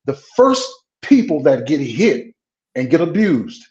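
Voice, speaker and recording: A man's voice: on the high side, big pitch swings, takes it slowly, darkish tone, roomy sound, dull audio. A man, a pastor running for Congress, speaking frankly and bluntly in a political interview and often stumbling over fillers.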